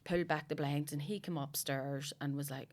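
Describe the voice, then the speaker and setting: A woman's voice: low-pitched, steady tone, normal speed, a little mellow. A woman with a Northern Irish accent telling stories in casual podcast chat, swearing freely and laughing often.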